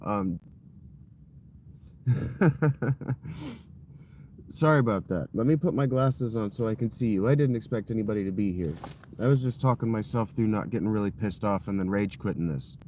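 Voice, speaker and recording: A man's voice: fairly low pitch, warm tone, a little hiss or hum, poor audio. Rambling man livestreaming from a tent. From Ohio. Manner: rambling, easily frustrated, apologetic. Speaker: livestreaming creator. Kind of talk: casual livestream chat. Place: inside a wet tent, in a sleeping bag. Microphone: phone camera set down close.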